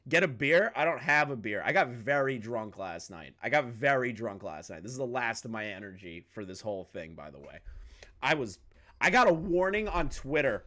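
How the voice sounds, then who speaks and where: A man's voice: medium pitch, very animated, normal speed, pushed and bright. Male reaction commentator, crude and mocking, heated rants. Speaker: commentary YouTuber.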